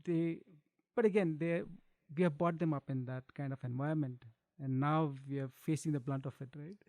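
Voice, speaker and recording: A middle-aged man with a gravelly edge to a fairly high voice talks relaxedly about his cooking and his kids. The sound is close and dry, with no room around it. He chuckles often and restarts phrases as he goes. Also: normal speed, mellow, dry recording. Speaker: chef and guest. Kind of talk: casual chat.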